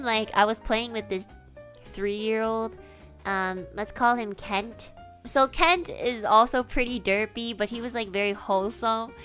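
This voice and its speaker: A young woman streamer telling a casual story in an animated way, giggling often and swearing casually. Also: mid-range voice.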